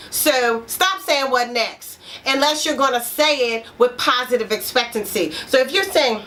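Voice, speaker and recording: A woman's voice: on the high side, animated, normal speed, hardly any pauses, a bit bright. A middle-aged woman, a therapist and life coach, giving a frank, emphatic motivational talk to her program members and repeating key phrases for effect.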